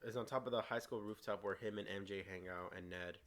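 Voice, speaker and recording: A man's voice: fairly low pitch, steady tone, brisk, fairly bright tone. A man co-hosting a casual movie review, eagerly retelling scenes and stumbling over his words. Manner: frequent restarts and stumbles. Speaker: co-host of a movie review show.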